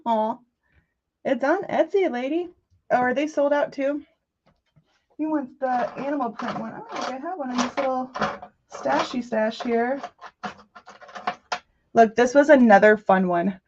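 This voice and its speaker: A woman hosting a casual craft live stream, telling stories in an animated way and chatting back to viewer messages. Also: sits high, a little hiss or hum. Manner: animated storytelling, quick asides to chat messages. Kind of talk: casual chat. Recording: muffled lo-fi audio.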